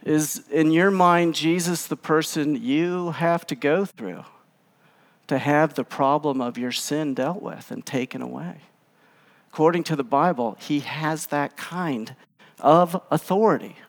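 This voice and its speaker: A man's voice: fairly high pitch, a little slow. A male pastor giving a casual sermon, telling the story with animation and acting out the lines he quotes. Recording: long hall reverb.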